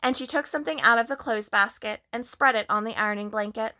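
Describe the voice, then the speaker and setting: A woman narrating a children's storybook in a gentle, measured way. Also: on the high side. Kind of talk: storybook reading.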